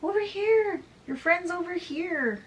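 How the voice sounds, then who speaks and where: A woman voicing an urgent female sea siren in a book retelling, with high squeaky calls. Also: animated, unhurried, a little hiss or hum.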